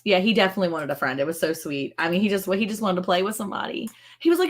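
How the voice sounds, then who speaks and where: A middle-aged woman with a Texan accent, co-hosting a casual livestream and telling a funny story. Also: rapid-fire. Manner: animated, acts out quotes in high voices. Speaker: livestream co-host.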